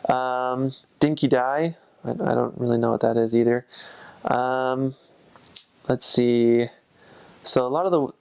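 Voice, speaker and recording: A young man, a returned missionary, chatting casually and pausing often to search for words. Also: mid-range voice, creaky. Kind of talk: casual talk to camera.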